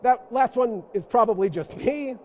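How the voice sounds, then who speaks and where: A man's voice: very high voice, normal speed, a little hiss or hum. A man giving an interactive lecture to a church audience, playful and self-mocking, with joking asides. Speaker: guest lecturer. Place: church forum room.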